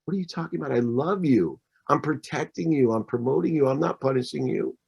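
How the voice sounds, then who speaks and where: A man putting on a soft-spoken loving mother. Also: mid-range voice, expressive, fairly quick, vocal fry, husky, muffled recording. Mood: tender. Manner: soft, reassuring. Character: gentle, loving older mother.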